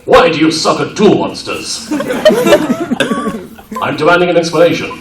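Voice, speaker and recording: A man's voice: fairly high pitch, very animated, moderate pace, pitched above the performer's own voice. A man putting on the voice of an arrogant young male rival who demands answers from a friend. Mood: scornful. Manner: haughty, demanding. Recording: echoey room, far from the mic, noisy.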